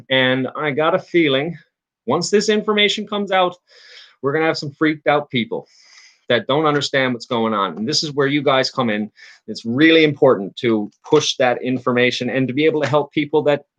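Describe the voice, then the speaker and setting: Newfoundland guy rambling on his livestream, lots of uh and restarts, mid pitch. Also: fairly bright tone. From Newfoundland, Canada. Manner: rambling, frequent restarts and fillers, talks to chat. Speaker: livestream host. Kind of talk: casual livestream commentary.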